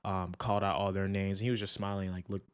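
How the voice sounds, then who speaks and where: A young man co-hosting a podcast, talking in an animated, chatty way with many fillers. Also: sits low, a little fast, clear, resonant tone. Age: young adult. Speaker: podcast co-host. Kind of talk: casual chat.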